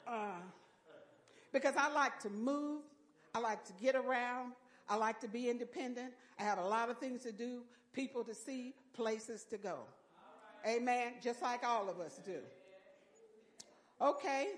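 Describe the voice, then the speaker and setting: An older woman giving a folksy church testimony with lively storytelling and exclamations of praise. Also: a little high.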